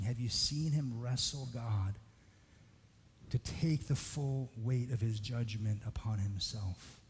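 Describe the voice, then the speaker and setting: A man preaching a sermon in an earnest way, slowing down to stress key words. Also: medium pitch, a little hiss or hum. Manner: earnest, slows for emphasis. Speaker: pastor. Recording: long hall reverb.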